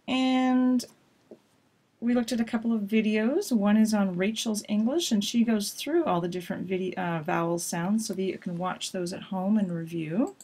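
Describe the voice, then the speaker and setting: A woman teacher walking a class through a pronunciation lesson, explaining and clearly modeling vowel sounds. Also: medium pitch, a little mellow. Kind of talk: recorded course review lesson.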